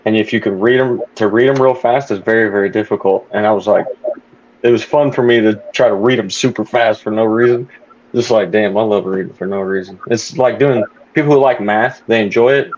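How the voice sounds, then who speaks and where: A man hosting a casual podcast chat, laid-back and quick to laugh. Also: on the low side, darkish tone, lo-fi sound. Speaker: podcast host.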